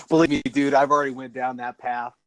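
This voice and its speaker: A man's voice: medium pitch, flat delivery, brisk, a bit bright, dry recording. A man co-hosting a podcast in casual chat, rambling and laughing often as he talks. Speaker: podcast co-host.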